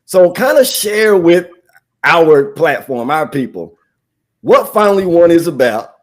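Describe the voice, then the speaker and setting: A man's voice: on the high side, sing-song, a little slow. A man hosting a live online show, casual and upbeat, often restarting and saying "man". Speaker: livestream host.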